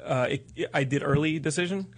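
A man's voice: a little high, brisk, gravelly. A man from Texas hosting a casual interview, joking and rambling through stories with many restarts. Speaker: host.

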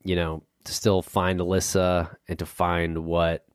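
A man doing a police detective, insistent and pressing, very deep voice, dry close sound. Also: flat delivery, a little slow, clear, resonant tone, no room sound. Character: persistent male police detective, adult. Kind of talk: dramatized interview reading.

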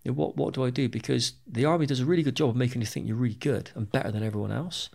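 Gravelly British ex-soldier telling his story. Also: medium pitch, racing, a little mellow. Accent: British English. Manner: candid and plain-spoken, swears freely, repeats words as he goes. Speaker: interview guest, former soldier. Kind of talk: personal storytelling in an interview.

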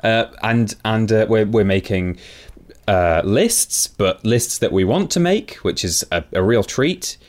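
A man's voice: lowish voice, lively intonation, measured pace. A man co-hosting a podcast, talking casually with many ums and restarts. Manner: hesitant, lots of ums and restarts. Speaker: podcast co-host. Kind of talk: casual chat.

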